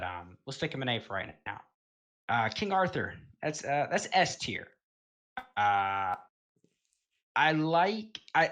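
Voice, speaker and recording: Rambling, easygoing male gaming commentator. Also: medium pitch. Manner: rambling, filler-heavy, self-correcting; relaxed, offhand, occasional swearing. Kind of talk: casual tier-list commentary.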